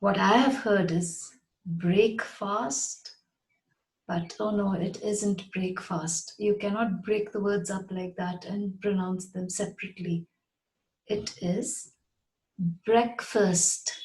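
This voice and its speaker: A woman teaching English pronunciation in a patient way, saying each word slowly and repeating it. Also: mid-range voice, steady tone, a little mellow, reverberant, rough recording. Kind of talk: slow, deliberate pronunciation lesson.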